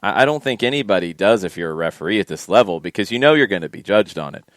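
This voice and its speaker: A man co-hosting a casual soccer podcast, emphatic and opinionated, quick to push back. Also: low voice, expressive, no room sound, studio quality. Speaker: podcast co-host. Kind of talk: casual sports talk.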